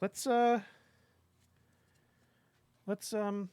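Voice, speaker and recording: A man's voice: high voice, flat delivery, drawn-out words, darkish tone, smooth, dry recording. A man hosting a casual live stream from a comic shop, opening cards and rambling with jokes and filler sounds.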